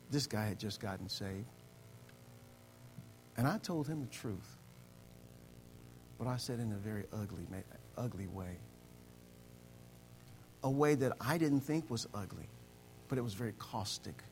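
A pastor preaching a sermon, repeating phrases and building from quiet storytelling to loud exhortation. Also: male voice, medium pitch, vocal fry, slight background noise.

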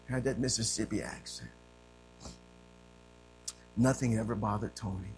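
A man preaching a sermon as pastor, telling his own testimony, swinging from loud, emphatic passages to hushed, quiet ones. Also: lowish voice, unhurried, long pauses, faint music behind.

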